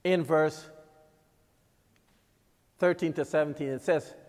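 A man preaching a sermon in a deliberate, emphatic way with dramatic pauses. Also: on the high side, fairly even intonation, a little mellow. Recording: long reverb of a large hall.

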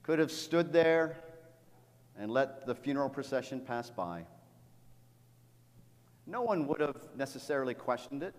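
A man's voice: medium pitch, animated, unhurried, long pauses. A middle-aged man preaching a sermon as a pastor, speaking earnestly and often repeating words as he tells a story. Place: church sanctuary. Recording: long reverb of a large hall.

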